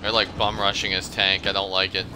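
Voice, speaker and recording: A man streaming a shooter game in casual chat, excitable, swearing and yelling at the action. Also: low voice, brisk. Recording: game gunfire and vehicle noise behind voice. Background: game gunfire and explosions.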